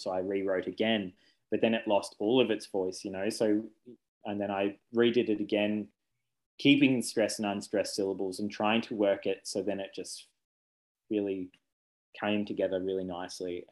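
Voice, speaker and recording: Rambling man, low voice. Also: a little mellow, poor audio. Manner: rambling, self-correcting, laughs easily. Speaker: children's book author. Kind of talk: casual interview chat.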